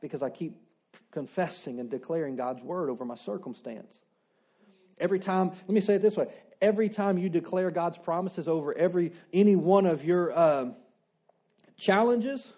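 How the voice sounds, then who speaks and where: A male pastor delivers a sermon in a relaxed, talky way. His voice sits a little high but stays soft and mellow. He keeps asking the congregation questions and restating his main points. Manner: conversational preaching with rhetorical questions and repeated declarations.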